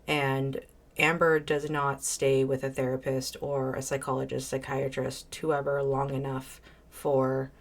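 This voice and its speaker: A woman's voice: extremely low pitch, little pitch movement, a little slow. A woman hosting a reaction video, giving blunt, opinionated commentary and reading viewer messages aloud. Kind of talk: casual commentary reacting to a clip.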